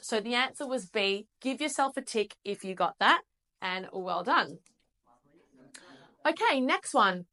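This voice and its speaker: Slow, bright-voiced Australian woman teaching. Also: on the high side. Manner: encouraging, repeats sounds and words for learners to copy. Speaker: English teacher. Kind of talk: slow, clearly enunciated English lesson.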